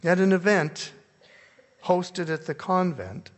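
An older man telling a personal story in a sermon, animated, swinging between hushed and loud. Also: high-pitched, slow. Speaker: preacher. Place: church hall. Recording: long hall reverb.

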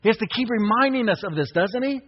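A man around fifty preaching a sermon as pastor, impassioned, breaking into shouts. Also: high voice, lively intonation, quick pace, breathy edge. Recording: echoey hall, dull lo-fi sound.

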